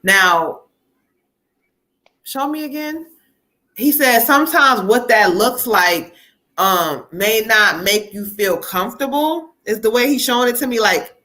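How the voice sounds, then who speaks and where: Chatty bright-voiced woman giving readings. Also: medium pitch. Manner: chatty, laughs often, relays spirit messages. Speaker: psychic reader hosting a live stream. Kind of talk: live tarot reading.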